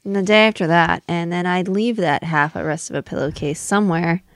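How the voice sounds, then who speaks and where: A woman's voice: fairly low pitch, fairly quick, dry recording, clean studio sound. A woman in her thirties co-hosting a podcast, talking frankly and swearing casually. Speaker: podcast co-host. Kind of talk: casual chat.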